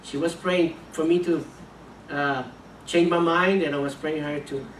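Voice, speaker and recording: Man, missionary preacher, earnest, repeats words, slightly high voice, echoey church, distant mic. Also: steady tone, measured pace, slight background noise. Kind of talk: sermon with a personal story. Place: church sanctuary.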